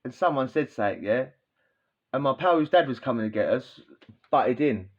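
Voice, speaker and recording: A man's voice: medium pitch, lively intonation, normal speed. Rambling man, lo-fi audio. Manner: rambling with frequent tag questions and laughs. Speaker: podcast host telling a story. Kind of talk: casual storytelling. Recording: dull lo-fi sound.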